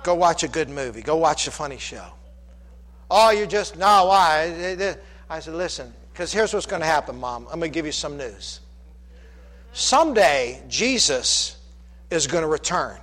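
A high-voiced male pastor preaches with mounting fervor, circling back to repeated refrains. His voice rings with a long reverb as if filling a church sanctuary. The tone is fervent and emphatic. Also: expressive, normal speed, a bit bright. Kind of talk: sermon.

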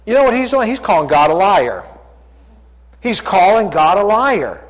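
A man's voice: sits high, big pitch swings, moderate pace. A man preaching a sermon, emphatic and full of rhetorical questions, in a church sanctuary. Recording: long hall reverb.

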